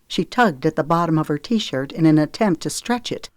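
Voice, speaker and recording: A woman's voice: deep voice, animated, moderate pace, dry recording. Woman narrating a romance audiobook, dry sound. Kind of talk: scripted narration.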